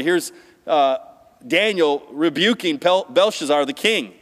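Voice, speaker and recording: A middle-aged man delivers a sermon from the pulpit, talking plainly with restarts and then pressing his points with rising emphasis. His voice sits high for a man and rings out with a long reverb through a church sanctuary. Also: expressive, unhurried, fairly bright tone. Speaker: pastor.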